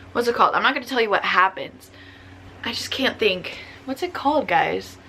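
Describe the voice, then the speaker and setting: A woman's voice: medium pitch, pushed and bright. A young woman vlogging casual book reviews, chatty and gushing, with lots of filler words.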